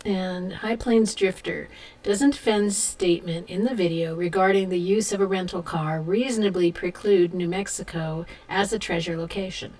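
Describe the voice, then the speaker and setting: A woman's voice: lowish voice, fairly even intonation, normal speed, a little mellow. A woman co-hosting a casual live chat, reading viewer comments aloud in a light, easygoing way. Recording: voice distant from the mic.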